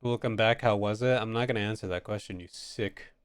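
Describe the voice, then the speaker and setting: A man's voice: lowish voice, fairly even intonation, brisk, smooth, dry recording, clean studio sound. A man with an American accent chatting casually on stream while drawing, playful and crude, laughing easily.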